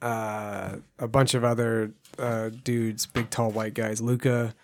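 A man's voice: on the low side, little pitch movement, slow pace, darkish tone, slight background noise. A man co-hosting a casual sports podcast, easygoing and laughing along. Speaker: podcast co-host.

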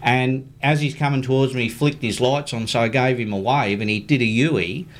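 A man's voice: mid-range voice, normal speed. A middle-aged Australian man hosting a casual radio show, telling stories with dry humour. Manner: laid-back yarn-spinning storyteller, dry humour. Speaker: radio fishing show host.

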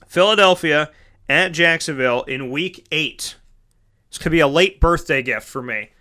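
A man's voice: a little high, normal speed, sharp tone. A man hosting a casual solo sports talk show, chatty and rambling, correcting himself mid-sentence and calling his listeners folks.

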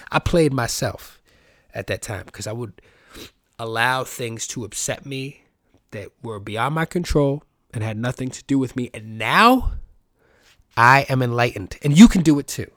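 A man's voice: mid-range voice, fairly bright tone, dry recording, clean studio sound. Rambling joking man in his thirties. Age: 30s. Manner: rambling, joking, swears freely, acts out quoted voices. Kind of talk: casual solo monologue.

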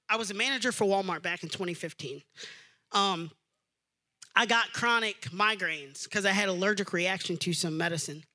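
A young adult male pastor preaching a sermon, moving from loud, emphatic preaching to soft, personal storytelling. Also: sits high.

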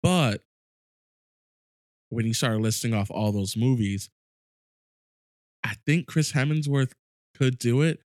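A man co-hosting a podcast in casual chat, telling stories in animated, excited bursts. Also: medium pitch, slow, long pauses, dry recording, studio quality. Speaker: podcast co-host.

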